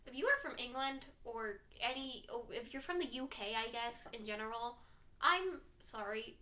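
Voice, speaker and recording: Bright, playful young woman chatting. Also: fairly high pitch, animated. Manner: playful, joking, quick to tease. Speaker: podcast co-host. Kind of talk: casual chat.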